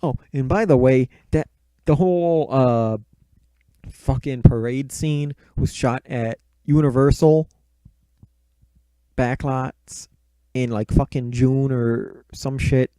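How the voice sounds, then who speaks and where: A man's voice: medium pitch, slow pace, warm tone, smooth, no room sound. A man giving a casual recap of a book and movie, swearing constantly with sardonic, rambling asides.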